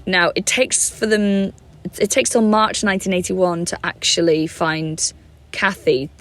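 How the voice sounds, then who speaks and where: A woman's voice: fairly low pitch, steady tone, measured pace, a bit bright. Chatty, swearing woman podcast co-host. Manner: chatty storyteller, swears freely. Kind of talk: casual comedy podcast chat.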